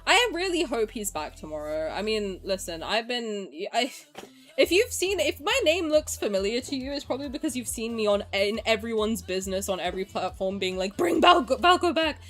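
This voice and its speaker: A woman's voice: medium pitch, lively intonation, brisk. A young English woman streaming live, chatting frankly and emotionally, ranting and swearing as she greets her viewers. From England. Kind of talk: casual livestream chat.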